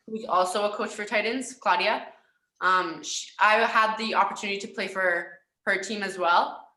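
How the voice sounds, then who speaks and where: Bright giggly young woman. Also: mid-range voice, roomy sound. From Canada. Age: young adult. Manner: giggly, upbeat, chatty. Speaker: guest, professional volleyball player. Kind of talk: casual interview chat.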